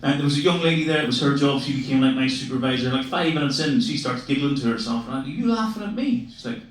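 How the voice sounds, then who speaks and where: A man's voice: medium pitch, fairly even intonation, fast. An Irish man in his forties doing stand-up comedy, swearing freely and laughing as he teases the crowd. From Ireland. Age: 40s. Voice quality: profane, laughing banter. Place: comedy club, live audience. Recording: echoey club from a distance, crowd. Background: audience laughter.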